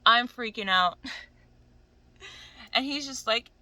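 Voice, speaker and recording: Bright-voiced woman ranting, profane and animated. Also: a little high, slow pace, dry recording, poor audio. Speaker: anime commentator. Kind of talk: casual ranting commentary.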